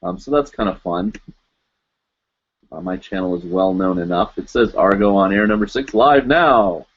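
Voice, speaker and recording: A man's voice: sits low, moderate pace, dull audio. A man in his forties hosting a live stream in casual, rambling chat, chuckling often and mocking himself. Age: 40s.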